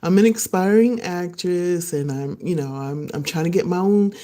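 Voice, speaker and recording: A woman hosting her own podcast, chatting casually and excitedly to live viewers, laughing often and acting out what others said. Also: lowish voice, moderate pace. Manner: animated, laughing, acts out voices of others. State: excited and a little nervous. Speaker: podcast host. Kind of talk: casual solo livestream chat.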